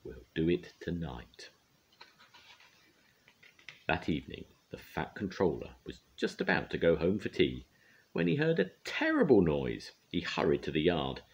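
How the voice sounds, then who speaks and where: Deep-voiced grandad reading a kids' story. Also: male voice, normal speed, vocal fry. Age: older. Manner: lively, expressive. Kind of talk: reading a children's story aloud. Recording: dull lo-fi recording.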